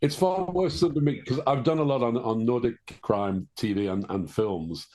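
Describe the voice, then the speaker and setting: Older man, mellow dark voice, guest author, wordy, dry asides. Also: medium pitch, normal speed. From England. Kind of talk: podcast interview.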